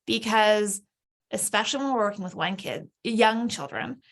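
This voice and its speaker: A woman's voice: medium pitch, normal speed. A woman speaking in an interview as a literacy educator, explaining things thoughtfully. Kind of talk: interview conversation.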